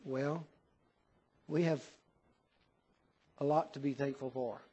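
A man's voice: steady tone, takes it slowly, breathy edge. A man preaching a sermon in an earnest, emphatic way, pressing each point home. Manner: earnest, emphatic, reads a poem in a softer lower voice.

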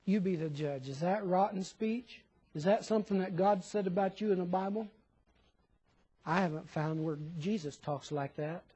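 Casting: high-pitched male preacher, sermon delivery, rhetorical questions, acts out imagined listeners. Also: moderate pace, mellow, husky, rough recording. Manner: questioning, quotes imagined listeners in shifting voices.

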